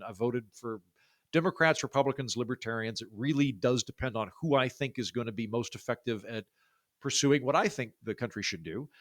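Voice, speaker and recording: Chatty baritone man, dry sound. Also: fairly bright tone, dry recording. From Oklahoma. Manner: chatty, many fillers and restarts. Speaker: podcast guest. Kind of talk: casual interview talk.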